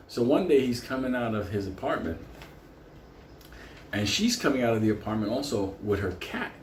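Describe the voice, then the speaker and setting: A man's voice: medium pitch, normal speed, a little hiss or hum. A man telling a story casually, swearing often and laughing through it. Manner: profane, laughing, animated. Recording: echoey room with faint ambience.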